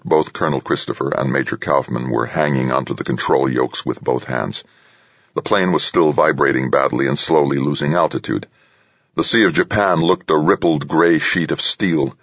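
A man narrating a thriller audiobook in a lively, dramatic reading. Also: very deep voice, normal speed, no echo, muffled recording. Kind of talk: scripted narration.

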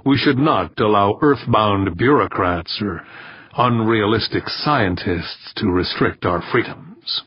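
A man reading the part of a confident politician giving a measured, firm campaign answer. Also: lowish voice, animated, slightly rough, no echo. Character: smooth, self-assured male politician. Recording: dull, dry, slightly muffled recording.

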